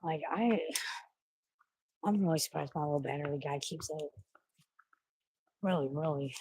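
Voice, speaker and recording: A woman's voice: low-pitched, moderate pace, dark tone, a little hiss or hum, rough recording. A woman in her thirties chatting casually on a livestream, blunt and talkative, swearing freely. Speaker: streamer.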